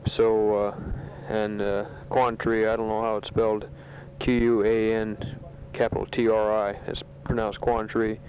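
Recorded on a muffled, dull lo-fi home tape with slight background noise, a soldier with a rather low voice shares news with his family in a casual spoken letter. He sits in a sandbag bunker in a war zone, sounding flat, plain, and matter-of-fact, and he halts often with fillers.

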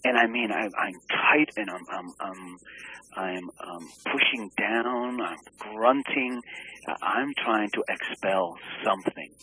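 A man with a lowish, husky voice that has a sharp, forceful edge describes a personal experience in an interview. He talks haltingly and earnestly, restarting phrases as he searches for words. He speaks with open emotion. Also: poor audio.

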